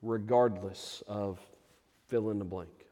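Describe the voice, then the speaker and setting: A male pastor preaching a sermon, swinging from loud emphatic declarations to quiet, intimate appeals to the congregation. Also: lowish voice, steady tone, slow pace. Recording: long hall reverb.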